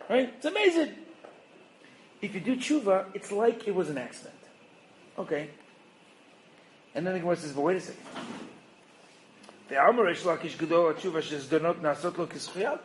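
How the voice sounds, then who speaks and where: A man giving a Torah lesson as a rabbi, animated, firing rhetorical questions and acting out little exchanges. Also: high-pitched, normal speed, long pauses, a little hiss or hum, poor audio. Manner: acts out little dialogues. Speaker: rabbi and educator.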